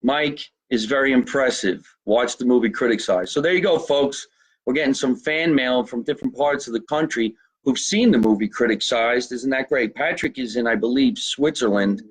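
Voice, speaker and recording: A man's voice: medium pitch, moderate pace, slightly rough. A man hosting a casual live show, chatty and jokey, reading out fan mail and sponsor plugs. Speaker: podcast host.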